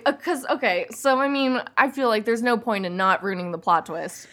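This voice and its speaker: A woman co-hosting a casual movie review chat, giggly and animated, full of "like" fillers. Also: fairly high pitch, moderate pace. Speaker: podcast co-host.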